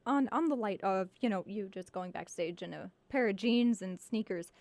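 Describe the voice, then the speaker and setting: A woman hosting a casual radio interview from a studio, giving frequent soft backchannels. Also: medium pitch, moderate pace, no room sound. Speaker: host.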